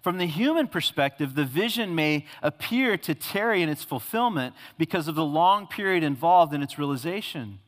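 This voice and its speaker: A man preaches a sermon in a slightly higher voice, his words ringing with the long reverb of a large hall. He talks earnestly and steps into voices of God and the prophet as he teaches. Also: lively intonation, normal speed, few pauses. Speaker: pastor.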